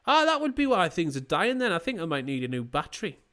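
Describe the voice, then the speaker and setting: A man's voice: high-pitched, very animated, quick pace, bright, forceful tone. Sweary man telling stories. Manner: sweary, laughing storyteller. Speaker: podcast co-host. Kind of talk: casual chat.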